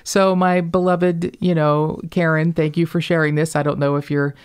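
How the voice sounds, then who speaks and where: A woman hosting a podcast, with a faint Northern Kentucky accent in her vowels and cadence. She talks in long, rambling, animated stories full of asides. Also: sits low, normal speed, smooth. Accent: slight Northern Kentucky. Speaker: podcast host. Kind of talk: casual podcast chat.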